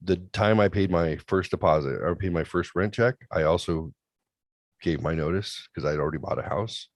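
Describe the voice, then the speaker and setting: A man with a lowish voice telling a story casually and swearing freely. His delivery is animated, jumping from loud to hushed. The sound is dry and close, with no room echo. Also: normal speed. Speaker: podcast host.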